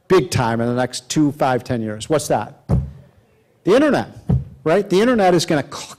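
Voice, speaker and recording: A man giving a public speech who rambles through an anecdote, filled with "you know" and restarts. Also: a little high. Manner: folksy, rambling, many fillers. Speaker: guest speaker.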